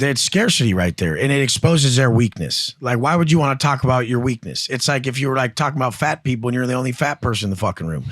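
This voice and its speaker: A man's voice: mid-range voice, a bit bright, dry recording, studio quality. A man coaching and telling stories on a podcast, blunt and profane, acting out other people's voices as he goes. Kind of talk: casual podcast conversation.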